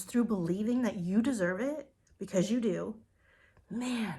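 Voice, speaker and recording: Speaking to her direct sales team, an earnest woman in her forties delivers a motivational talk in a mid-range, slightly mellow voice. She comes across as emotional and gushing, dropping into breathy whispers to stress her points.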